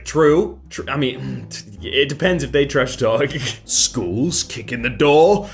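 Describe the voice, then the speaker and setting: A man's voice: mid-range voice, animated, slow, soft background music. Laid-back man laughing through memes. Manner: laughs often, reads captions then jokes. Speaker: meme reaction host. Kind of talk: casual meme commentary.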